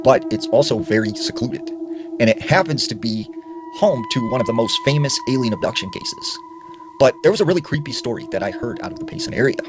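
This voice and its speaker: Man narrating with a swooping, animated voice. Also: medium pitch, background noise. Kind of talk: storytelling narration.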